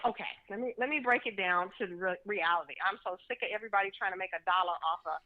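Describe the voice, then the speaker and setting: A woman's voice: medium pitch, rapid-fire. Indignant woman calling in by phone. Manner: indignant, emphatic, laughs often. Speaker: caller. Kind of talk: casual phone interview. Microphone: telephone. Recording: phone line.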